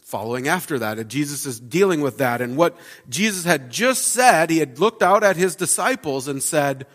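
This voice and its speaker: In a church sanctuary with long hall reverb, a pastor in his thirties speaks at normal speed in a fairly high, fairly bright voice with lively intonation. His sermon is conversational and reflective, with frequent fillers.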